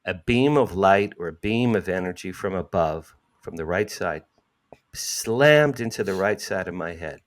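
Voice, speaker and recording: Animated older man telling a story. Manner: animated, acts out quotes with sudden jumps in pitch. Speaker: guest. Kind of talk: storytelling in an interview.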